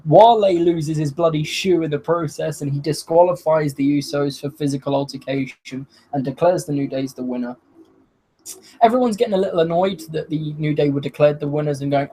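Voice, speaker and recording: A man giving a solo review of a wrestling show, excitable and laughing, swearing often and acting out what the wrestlers said. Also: on the high side, fairly quick, a little hiss or hum, low-quality recording. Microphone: video call.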